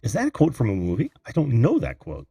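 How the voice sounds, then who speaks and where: A middle-aged man hosting a live call-in show, chatting and reading viewer comments, easily flustered and quick to laugh. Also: mid-range voice, wildly swooping pitch, mellow, slightly rough, dry recording, clean studio sound.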